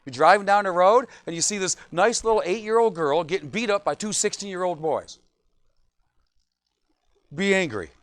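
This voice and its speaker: A man's voice: high voice, lively intonation, moderate pace, long pauses, dry recording. A middle-aged man, a pastor, preaching a sermon in a church, joking often and asking "right?" again and again.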